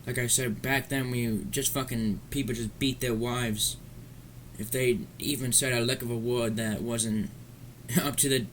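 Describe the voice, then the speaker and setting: Brief: angry male vlogger, mid-pitched, swears a lot, rambling rant, faint background hum. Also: fairly even intonation, unhurried. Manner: profane, heated, rambling. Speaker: commentary vlogger. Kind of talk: ranting commentary.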